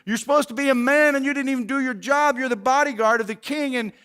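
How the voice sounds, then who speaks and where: A pastor acting out a young man who shouts scolding words across a valley at a bodyguard. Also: very high-pitched, quick pace, clear, resonant tone, pitched above the performer's own voice. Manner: loud, scolding.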